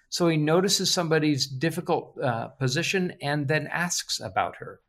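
Relaxed man summarizing a book chapter. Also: a little high, normal speed. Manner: relaxed, chuckling, reads quotes with animated emphasis. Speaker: book discussion host.

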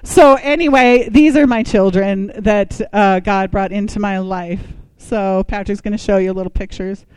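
A woman speaking to a church group, telling her own story with lots of asides and questions thrown at the audience. Her voice is smooth and clear, and the sound is dry and close. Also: medium pitch, steady tone, normal speed, hardly any pauses, a little mellow, no echo, rough recording. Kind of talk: personal testimony talk.

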